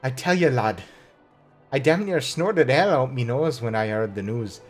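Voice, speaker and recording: A man voicing a gruff, hearty middle-aged male tavern keeper in a put-on thick brogue, reading game dialogue aloud with hammy flourish. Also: medium pitch, animated, measured pace, faint music behind, pitched above the performer's own voice.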